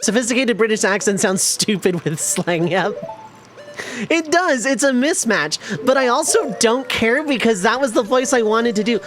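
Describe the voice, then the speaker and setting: A game streamer talks casually with chat while playing, rambling and easily amused. The voice sits at a middle pitch. Faint game music plays underneath. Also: moderate pace, a bit bright. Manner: rambling, self-amused, chats with viewers.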